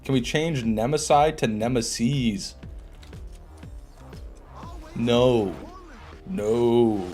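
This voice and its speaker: Male streamer, mid-pitched, jokey live commentary, laughs a lot, faint game music under him. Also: drawn-out words, pauses often, darkish tone. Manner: joking, laughs often, restarts phrases. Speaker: gaming streamer.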